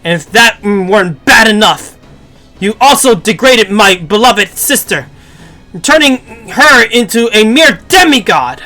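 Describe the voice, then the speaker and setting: A scornful god who looks down on humans, as voiced by a streamer reading a game, thundering out slow, lordly declarations. The speech is unhurried, yet the tone stays bright and cutting. Soft music plays underneath. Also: expressive. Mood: bitter. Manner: haughty, booming, drawn-out proclamations. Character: arrogant male god who despises humans.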